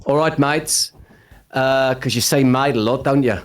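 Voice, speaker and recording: A man's voice: medium pitch, unhurried, close to an everyday voice. A man putting on an exaggerated Australian accent as a cheery, joking bloke reading out a silly fact. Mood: playful. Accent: put-on Australian.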